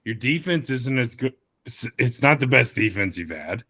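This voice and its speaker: A man's voice: medium pitch, animated, normal speed, bright, forceful tone, slightly rough. A man in his thirties hosting a podcast, rambling loosely in a casual chat over beers with some swearing. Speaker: podcast host.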